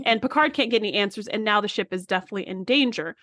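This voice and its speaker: A woman's voice: mid-range voice, lively intonation, racing, a bit bright, dry recording, clean studio sound. A woman co-hosting a podcast, recapping an episode in casual chat. She rambles, restarts her sentences and acts out characters' lines as she retells scenes. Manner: rambling, restarts often, mimics characters in quotes. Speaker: podcast co-host.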